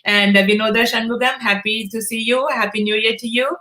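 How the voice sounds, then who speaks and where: Middle-aged woman, live-stream host, bright forceful voice, slightly high, lots of "uh" fillers, echoey room. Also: steady tone, brisk, slight background noise. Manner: warm greetings with many "uh" fillers. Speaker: host of a live online broadcast. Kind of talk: casual live-stream hosting.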